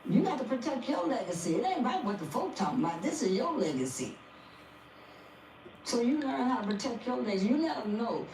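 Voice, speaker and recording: A woman's voice: on the high side, very animated, brisk, darkish tone. An older woman, a guest on a podcast, giving an emotional testimony about her family and repeating phrases like a preacher. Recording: echoey, distant, faint noise.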